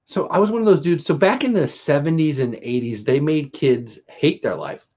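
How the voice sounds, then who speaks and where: A man's voice: on the high side, lively intonation, normal speed, a little mellow, dull audio. A man in his fifties, a grandfather, chatting casually and joking at his own expense while looking through old family photos. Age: 50s. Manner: joking, self-mocking. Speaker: vlogger. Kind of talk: casual chat.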